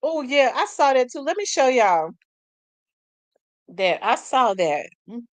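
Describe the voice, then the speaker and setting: A woman's voice: high-pitched, very animated, measured pace, no room sound. A woman hosting a casual commentary stream, chatty, exclaiming and laughing as she talks to her viewers. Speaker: host.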